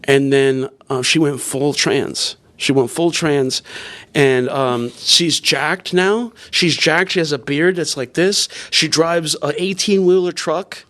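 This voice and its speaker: Young man, podcast host, bright, casual rambling storytelling. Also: fairly high pitch, slow pace. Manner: rambling, laughs through story, lots of fillers.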